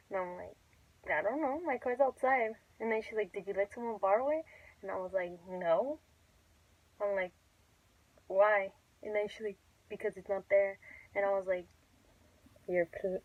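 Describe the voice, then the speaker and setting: A woman's voice: medium pitch, moderate pace, dry recording, highs cut off. A young woman telling a casual, chatty storytime, swearing freely as she recounts events. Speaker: YouTuber.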